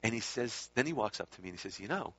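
A man's voice: on the low side, racing, fairly bright tone, no room sound. A man telling a casual, rambling anecdote about a spiritual teacher, correcting himself and adding asides as he goes. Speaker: speaker recalling time with a spiritual teacher. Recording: dull lo-fi recording.

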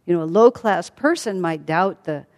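A woman's voice: fairly low pitch, expressive, moderate pace, close to an everyday voice. A woman voicing a proud adult queen who protests with rising indignation. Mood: indignant. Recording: long hall reverb.

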